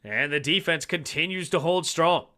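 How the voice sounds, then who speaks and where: A man hosting a fan livestream who gives casual play-by-play and analysis, with sudden loud, excited reactions to big plays. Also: a little high, normal speed. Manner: excitable, bursts of loud reactions over steady calls.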